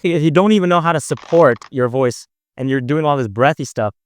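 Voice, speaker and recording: A man's voice: fairly high pitch, fairly quick. A man hosting as a vocal coach, explaining singing technique in a casual, upbeat way. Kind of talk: casual reaction breakdown.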